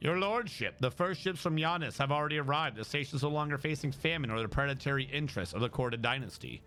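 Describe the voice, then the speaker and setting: A man's voice: medium pitch, quick pace, pushed and bright, slight background noise, lightly acted. A man reading out the lines of a grateful, formal male station governor in a game. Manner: reads game dialogue in a formal tone.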